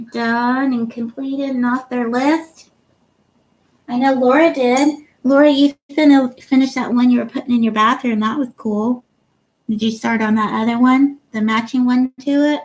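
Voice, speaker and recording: A woman's voice: fairly high pitch, a little mellow, low-quality recording. A woman hosting a casual livestream chat, reading viewer comments aloud and laughing often. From Ohio. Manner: chatty, giggly, reads comments aloud. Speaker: livestream host.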